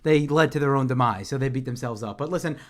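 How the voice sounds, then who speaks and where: A man hosting a sports podcast, rambling casually and trailing off quietly at the end of his thoughts. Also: mid-range voice, quick pace. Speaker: podcast host.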